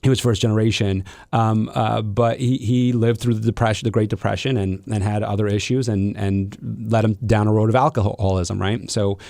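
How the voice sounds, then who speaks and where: A man's voice: lowish voice, flat delivery, normal speed, gravelly, few pauses, dark tone, no echo, clean studio sound. A middle-aged man hosting a podcast, talking reflectively with many restarts and fillers. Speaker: podcast host. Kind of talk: casual interview conversation.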